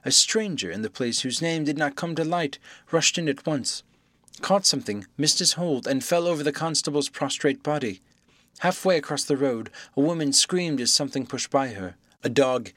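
A man reading an audiobook chapter aloud in scripted narration, lifting his voice sharply whenever characters shout. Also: mid-range voice, no room sound. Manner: lively, raises his voice for shouted dialogue. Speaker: audiobook reader.

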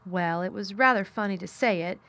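A woman's voice: medium pitch, lively intonation, moderate pace. A woman voicing a blunt, frank young girl. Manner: frank, plain-spoken.

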